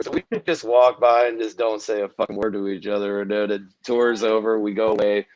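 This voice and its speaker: Profane, animated man telling stories. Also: on the low side, a little fast, clean tone, no echo. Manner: profane, animated storyteller who acts out quotes. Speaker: guest drummer. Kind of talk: casual podcast chat.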